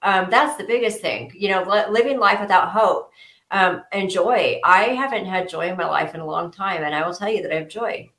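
A woman speaking as a guest in a casual interview chat, earnest and slow with frequent pauses and restarts. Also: medium pitch, fairly bright tone. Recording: echoey room.

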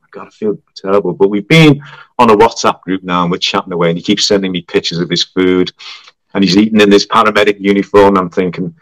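A fairly low-voiced man tells a story in a relaxed chat. He gets animated and acts out each person's voice as he goes. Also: fast, dry recording, poor audio. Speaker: guest. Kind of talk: storytelling in casual conversation.

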